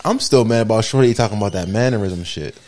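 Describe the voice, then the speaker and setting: A man co-hosting a podcast, talking in profane, animated, laughing banter. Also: on the low side, fast talker. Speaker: podcast co-host. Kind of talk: casual banter.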